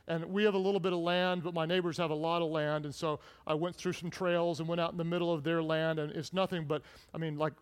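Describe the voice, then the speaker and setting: A middle-aged man, a pastor, preaching a sermon and telling personal stories with humor and hushed intensity. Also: sits high, clean tone, big-room sound.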